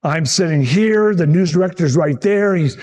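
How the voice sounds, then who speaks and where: A man in his sixties, a TV meteorologist telling lively stories from his career to an audience. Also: a little high, normal speed. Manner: lively anecdotal, acts out quotes, frequent restarts. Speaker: TV meteorologist giving a talk. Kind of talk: storytelling presentation to an audience.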